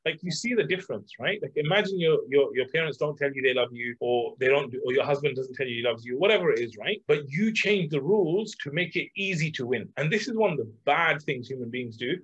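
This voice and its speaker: Husky-voiced man coaching casually. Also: mid-range voice, fast talker, few pauses. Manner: conversational, many fillers, lively examples. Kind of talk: casual talk on self-love. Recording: dull lo-fi sound.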